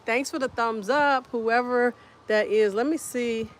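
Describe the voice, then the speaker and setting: Slow, chatty woman live-streaming from the garden. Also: a little high, steady tone. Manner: chatty and unhurried, greeting viewers by name. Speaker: homestead vlogger hosting a live stream. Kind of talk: casual live-stream chat. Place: outdoors in a windy garden. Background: faint wind and outdoor ambience.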